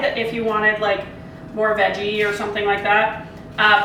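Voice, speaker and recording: A woman's voice: on the high side, sharp tone. A woman from Canada chatting casually through a home cooking vlog, full of rambling asides while she cooks. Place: home kitchen. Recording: very echoey kitchen, mic far off, frying noise. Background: food sizzling on a grill pan.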